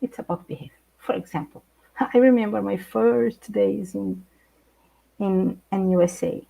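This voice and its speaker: A middle-aged Brazilian woman speaking English with a Brazilian Portuguese accent, an animated guest in a live video chat who laughs often and searches for words. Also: mid-range voice, unhurried, creaky, poor audio. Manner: animated, laughs often, hesitant non-native phrasing. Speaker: guest speaker, intercultural trainer.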